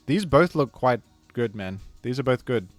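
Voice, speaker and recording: A man's voice: mid-range voice, expressive, moderate pace, dry recording, soft background music. Chatty man rambling over gameplay. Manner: rambling, chatty, self-correcting. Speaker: gaming video creator. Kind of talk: casual gameplay commentary.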